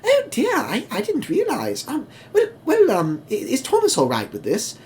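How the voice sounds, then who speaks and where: A man's voice: extremely high pitch, huge pitch swings, moderate pace, a little mellow, a little hiss or hum, pitched above the performer's own voice, full character voice. Fluttery old lady coaches, as a man puts them on. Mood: fussy. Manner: fluttery and fussy. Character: two fussy elderly female coaches, prim and twittering.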